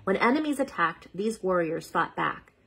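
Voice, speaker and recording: A woman's voice: on the low side, expressive, moderate pace, creaky, fairly bright tone, slightly rough, rough recording. A woman hosting a children's read-aloud, reading a picture book steadily and stopping now and then to sound out unfamiliar words.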